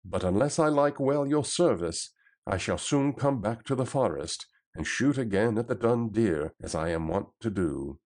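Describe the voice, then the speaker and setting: A man's voice: lowish voice, animated, normal speed, darkish tone. A man reading the part of a bold outlaw leader, speaking in raised, emphatic old-fashioned phrasing.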